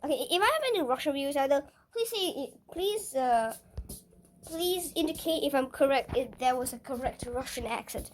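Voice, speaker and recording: A woman's voice: sits high, expressive, moderate pace, slight background noise, low-quality recording. A woman hosting a gaming channel, chatting casually and stumbling over her words, repeating them as she goes. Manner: stammering, repeats words, chatty and self-conscious. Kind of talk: casual gameplay commentary.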